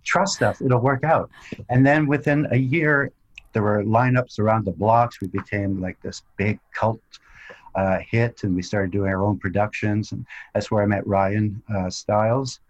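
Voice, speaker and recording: A man, a podcast guest, telling stories in a relaxed chat full of fillers and restarts. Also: fairly low pitch, measured pace, dull audio. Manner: relaxed storytelling with many fillers. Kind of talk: casual interview chat.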